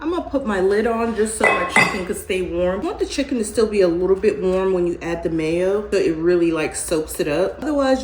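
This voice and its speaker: A woman's voice: fairly low pitch, darkish tone. Chatty woman cooking in echoey kitchen. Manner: chatty, homey, laughs often, says "y'all" and "child". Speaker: cooking vlogger. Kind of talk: casual cooking tutorial. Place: home kitchen. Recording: roomy kitchen echo, clear background noise.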